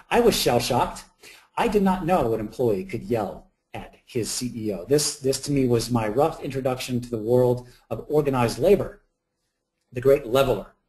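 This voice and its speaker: A man's voice: medium pitch, a little mellow. A man working as a communications consultant gives a wry, anecdotal storytelling presentation in a drab, windowless meeting room. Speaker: communications consultant giving a talk.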